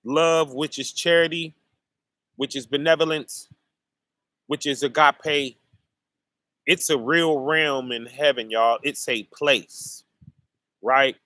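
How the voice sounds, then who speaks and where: A man's voice: on the high side, fairly even intonation, takes it slowly, pauses often, sharp tone, no echo. A man preaching in a casual street style, tossing "right?" and "y'all" to his listeners between points. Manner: preachy call-and-response, keeps asking "right?" and "y'all". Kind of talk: sermon.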